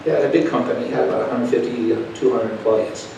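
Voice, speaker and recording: A man's voice: medium pitch, quick pace, creaky, noisy background. Folksy male preacher in an echoey hall. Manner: folksy, conversational, asks the crowd questions. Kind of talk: sermon with personal stories. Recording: echoey hall, taken from far off.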